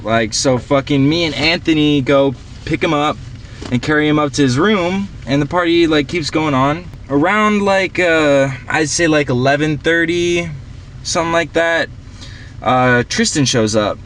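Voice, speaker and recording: A man's voice: fairly high pitch, a little slow, a bit bright, slight background noise. A young man playing a party-goer who tells a long story in a rambling, profane, slangy way full of fillers. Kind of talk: casual film dialogue.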